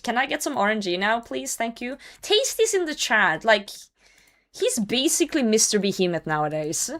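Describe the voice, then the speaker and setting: A woman's voice: on the high side, very animated, moderate pace, fairly bright tone. A young woman streaming a game and chatting casually, reading chat messages aloud and laughing often. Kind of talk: casual gaming livestream chat.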